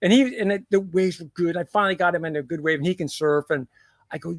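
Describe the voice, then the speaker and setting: A middle-aged man telling a surfing story in casual backyard chat, animated, laughing and swearing as he goes. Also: on the high side, fast, no echo, studio quality. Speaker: guest. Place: backyard outdoors.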